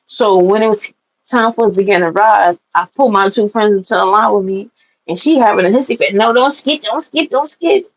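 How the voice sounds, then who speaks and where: Gravelly New woman telling blunt stories. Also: mid-range voice, quick pace, highs cut off. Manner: animated, blunt and profane, laughing at own stories. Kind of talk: casual storytelling to camera.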